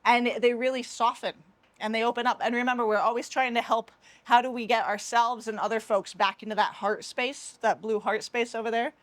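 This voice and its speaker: A woman's voice: a little high, steady tone, a little fast, a bit bright. A young adult woman leading a workshop on a train in a chatty, informal way, often acting out quoted dialogue. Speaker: workshop facilitator. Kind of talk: casual workshop teaching. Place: train car with a view.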